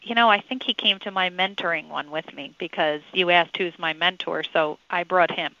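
A woman's voice: on the low side, moderate pace, bright, forceful tone, muffled recording. A woman as a guest on a radio interview, earnest and explaining things with many fillers. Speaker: radio guest, salon PR representative.

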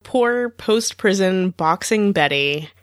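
A woman co-hosting a podcast, making measured, thoughtful remarks in casual chat. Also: mid-range voice, animated, no room sound, studio quality. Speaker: podcast co-host.

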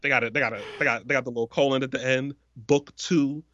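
A man co-hosting a casual podcast, talking in an animated, profane way and acting out scenes in quoted voices. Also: mid-range voice, fast talker, no room sound, lo-fi sound. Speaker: podcast co-host. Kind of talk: casual chat.

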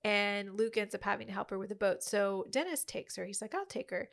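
A woman chatting about a film as co-host, gushing and tumbling through her thoughts with plenty of fillers. Her voice carries a gravelly fry at the ends of phrases. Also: medium pitch, fairly even intonation, fairly quick. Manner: gushing, rambling with many "like" fillers. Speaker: podcast co-host reviewing a movie. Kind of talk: casual chat.

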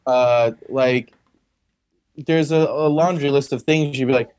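A blunt man in casual podcast talk who swears freely. His middle-pitched voice sounds close and dry, with no room echo. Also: steady tone, unhurried, a little mellow. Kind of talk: casual chat.

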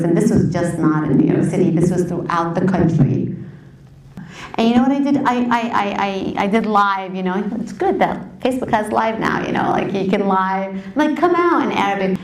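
A woman community activist telling her story to an audience, impassioned and conversational, sometimes emotional. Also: mid-range voice. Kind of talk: personal storytelling talk to an audience. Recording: roomy, distant from the mic.

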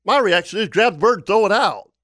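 A man's voice: sits high, brisk, dry recording, clean studio sound. A man, a charter fishing captain, telling a story in casual talk-show chat. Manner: animated storyteller who laughs as he talks.

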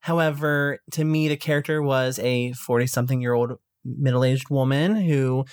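Low-voiced woman podcast co-host. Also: fairly even intonation, normal speed, darkish tone, clear, resonant tone, no echo, clean studio sound. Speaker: podcast co-host reviewing audiobooks. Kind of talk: casual chat.

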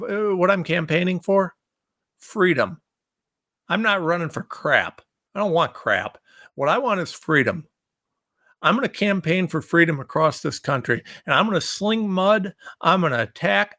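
Fiery ranting man with a gravelly voice. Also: fairly high pitch, bright, forceful tone, no room sound, clean studio sound. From Ohio. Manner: combative, ranting, repeats himself. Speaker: show host. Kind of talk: fiery political monologue.

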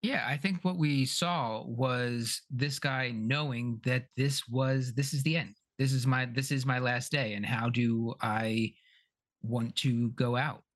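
A man with a middle-pitched voice talks in a relaxed way on a podcast and teases his co-hosts. His voice sounds dry, with no room echo. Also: slow. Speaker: podcast co-host. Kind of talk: casual chat about a TV episode.

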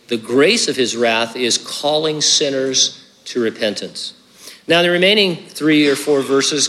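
Man preaching, earnest and chatty, bright voice, long echo in a hall. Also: medium pitch. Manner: earnest, conversational preaching with asides. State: hiccuping. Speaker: pastor. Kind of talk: sermon.

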